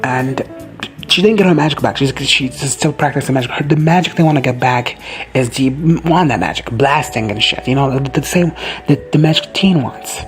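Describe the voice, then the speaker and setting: A man recaps a show in an excitable, rambling reaction-video style. He swears freely and keeps jumping into quick quoted asides, and his voice sits at a middle pitch. Faint music plays underneath.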